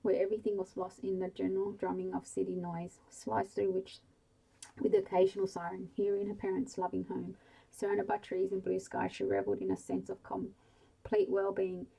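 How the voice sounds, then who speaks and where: A woman reading a bedtime story aloud slowly and softly, in whispered role-play. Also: medium pitch, creaky, husky, rough recording. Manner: slow, hushed bedtime reading.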